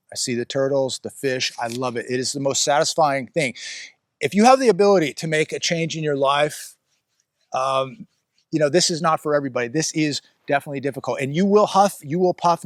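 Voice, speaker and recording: A man's voice: medium pitch, dry recording, clean studio sound. A man vlogging outdoors on a rural ranch, rambling bluntly and breaking off to scold his dog. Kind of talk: casual outdoor commentary. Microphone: phone or camera he adjusts himself.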